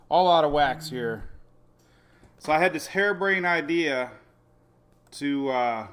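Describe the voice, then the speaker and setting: A middle-aged man hosting a casual weather livestream, rambling excitedly and laughing often. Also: fairly high pitch. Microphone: phone or webcam on a live video stream.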